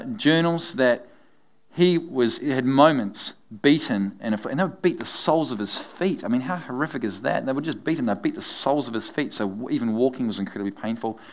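Guy preaching, animated and jokey, laughs a lot. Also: medium pitch. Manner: animated, humorous storytelling with frequent laughs. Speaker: pastor. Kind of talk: sermon.

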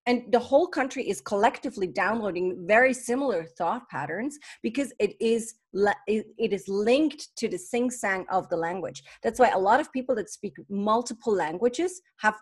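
A woman in casual conversation as a guest, talking in a lively way and often restarting her sentences. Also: mid-range voice, normal speed, few pauses, slightly rough.

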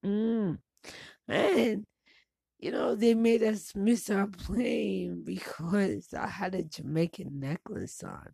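In a slow, casual personal monologue, a forty-something female vlogger speaks bluntly to the camera with a low, gravelly, dark voice. She curses without hesitation and laughs between her stories, and there's no echo.

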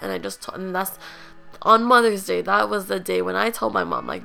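A woman's voice: medium pitch, fairly quick, gravelly, bright, forceful tone, faint music behind. A young woman hosting a podcast, telling her own story in a raw, emotional, blunt way, full of "like" fillers. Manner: blunt, with casual swearing. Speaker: podcast host. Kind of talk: candid personal storytelling.

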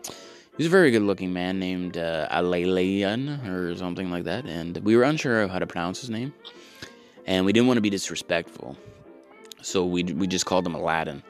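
Deep-voiced man telling a rambling story. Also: brisk, faint music behind. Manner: rambling, self-mocking, frequent restarts; profane, sarcastic asides. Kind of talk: casual comedic storytelling.

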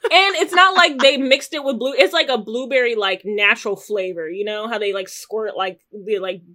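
Loud, high squeals erupt whenever this woman quotes herself during a casual podcast story. She's an animated co-host who swears freely and drops quick asides.

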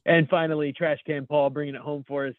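An American man co-hosts a casual chat, reading memes aloud and laughing as he goes. His voice sits a little high. It comes through a dry, tinny, phone-like line. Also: level tone, fast, no echo. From United States. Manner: laughs often while reading. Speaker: podcast co-host.

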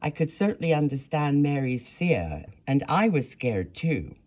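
Brief: earnest memoir narrator with a lively, rising and falling voice, steady reading. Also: medium pitch, measured pace. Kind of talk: first-person memoir reading.

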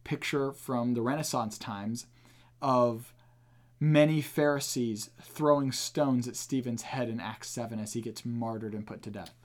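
An earnest man hosts a podcast and teaches in a casual way. His voice is mid-pitched, and he leans hard on key words as he explains. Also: measured pace. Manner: earnest, emphatic, with restarts. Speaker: podcast host teaching the Bible.

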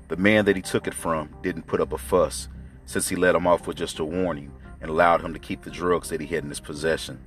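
Low-voiced male narrator, steady story reading over soft music. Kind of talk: scripted narration.

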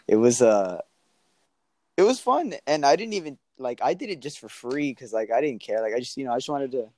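A man's voice: medium pitch, very animated, brisk, a little mellow, no room sound. A young man telling a story in a casual, slangy way and laughing often. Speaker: guest.

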